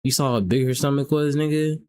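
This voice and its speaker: A man's voice: medium pitch, fairly even intonation, fairly quick, a little mellow. A young man from the South, hosting a live stream and teasing strangers in casual, profane chat. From American South. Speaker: livestream host.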